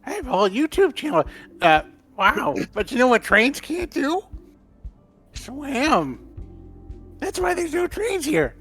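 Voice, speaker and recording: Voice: sits high, big pitch swings, unhurried, fairly bright tone, faint music behind, heavily acted. A streamer voicing an odd, dreamy train fan who rambles with childlike enthusiasm.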